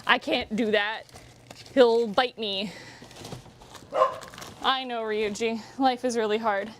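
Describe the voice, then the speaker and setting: A bubbly, playful woman streams from home, her voice sitting a little high. She chats loosely on a wireless mic, swearing now and then, with a faint steady hum underneath. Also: slow. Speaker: streamer and voice actress. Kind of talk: casual live-stream chat. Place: home, in a pouring tent and around the house. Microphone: wireless mic on a receiver.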